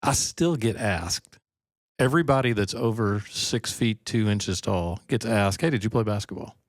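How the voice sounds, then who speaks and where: A man's voice: on the low side, normal speed, no room sound, studio quality. A middle-aged man co-hosting a podcast in casual chat, rambling and often breaking off mid-sentence. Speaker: podcast co-host.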